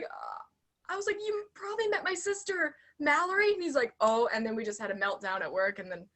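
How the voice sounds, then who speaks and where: A young woman chatting casually as a guest, telling a story with lively acted-out quotes. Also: sits high, fairly quick. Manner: animated storyteller, acts out quotes. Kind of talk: casual chat.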